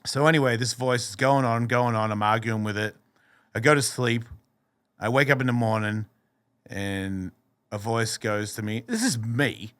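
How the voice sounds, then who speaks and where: Bright-voiced man telling a candid story. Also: medium pitch, moderate pace, no room sound, clean studio sound. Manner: profane, animated storyteller who acts out voices. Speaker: podcast guest. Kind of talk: candid podcast conversation.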